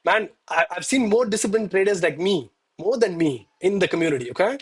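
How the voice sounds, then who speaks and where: A man with a fairly high, husky voice talks straight to his stream viewers. He is emphatic and preachy, repeating himself to drive the point home, and openly lets himself get emotional. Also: animated, fairly quick. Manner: emotional, admits getting worked up. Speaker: live-streaming gold trader. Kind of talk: live trading stream talk.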